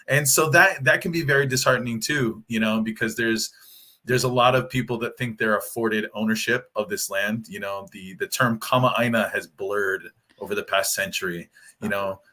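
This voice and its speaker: A man's voice: on the low side, moderate pace, sharp tone. A man from Hawaii with a Hawaiian Pidgin accent, speaking candidly and emphatically on a panel, often restarting his sentences.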